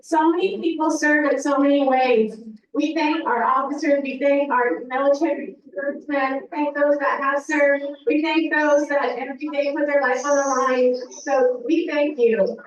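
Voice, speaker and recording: A woman giving an earnest, deliberate speech to a festival crowd, heard from a played-back video. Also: high voice, fairly even intonation. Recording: muffled, distant, very echoey video playback.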